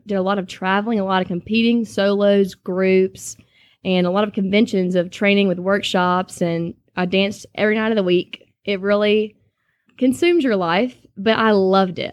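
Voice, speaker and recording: Casting: young adult woman, earnest testimony talk, mid-pitched, dry recording. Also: no room sound. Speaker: speaker sharing a personal testimony.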